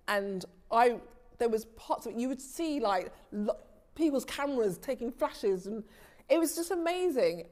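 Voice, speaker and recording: Animated woman telling stories in an interview. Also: a little high. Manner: animated, restarts sentences, laughs easily. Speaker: TV director, interview guest. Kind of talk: casual interview storytelling.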